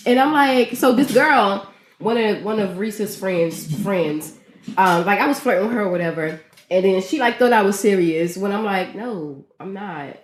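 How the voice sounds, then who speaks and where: In a roomy-sounding recording, a podcast co-host with a medium-pitched voice talks at normal speed. She chats casually, spinning animated stories, cursing freely, and performing other people's quotes.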